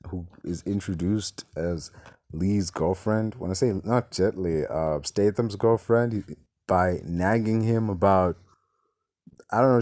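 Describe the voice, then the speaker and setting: Low-voiced man ranting about a film. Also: a little mellow. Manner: exasperated, swears, loose and rambling. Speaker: film reviewer. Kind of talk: casual ranting film review.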